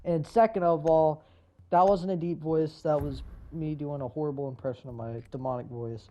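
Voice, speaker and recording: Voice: mid-range voice, steady tone, normal speed, mellow, poor audio. A young adult hosting a gaming video, ranting in a casual, profane, rambling way with lots of fillers and restarts.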